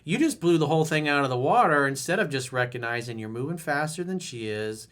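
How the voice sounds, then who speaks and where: A middle-aged man giving dating advice in a blunt, animated way. His voice sits a little higher than most men's. He now and then bursts into loud, high mimicry of the people he quotes. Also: fairly quick, a little hiss or hum. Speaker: dating coach. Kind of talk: video newsletter advice monologue.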